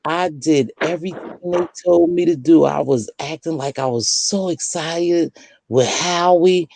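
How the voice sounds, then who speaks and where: A woman in her sixties hosting a casual late-night chat, telling lively stories and acting out the voices she quotes. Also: sits low, measured pace, gravelly, slight background noise. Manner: lively storyteller who acts out quoted voices. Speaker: host.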